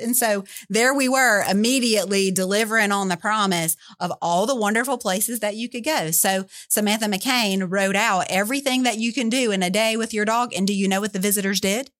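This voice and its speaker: A woman, a tourism director telling lively stories in a radio interview. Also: mid-range voice, brisk, hardly any pauses. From Mississippi, USA. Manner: enthusiastic, chatty, with fillers.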